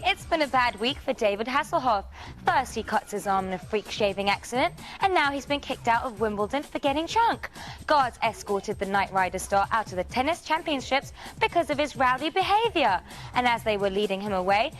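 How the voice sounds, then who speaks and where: A woman's voice: a little high, fairly bright tone. A woman with a British accent hosting a scripted entertainment news segment in a cheeky, playful way. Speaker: TV news host.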